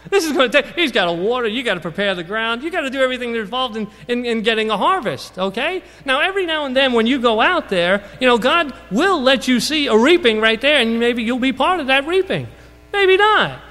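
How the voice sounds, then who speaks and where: A man's voice: lively intonation, fast, few pauses, pushed and bright, long reverb tail, rough recording. A man from Brooklyn, New York, with a Brooklyn accent, preaching a sermon and telling a story, often asking the congregation questions. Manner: storytelling, asks the audience questions, rises and falls in pitch for emphasis.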